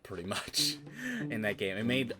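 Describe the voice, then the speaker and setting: A man's voice: medium pitch, wildly swooping pitch, a little slow, a crowd in the background. A man streaming a video game and chatting casually, rambling, laughing often and swearing freely as he tells stories. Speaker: streamer and tabletop game master. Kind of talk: casual chat while playing a video game. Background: video game music.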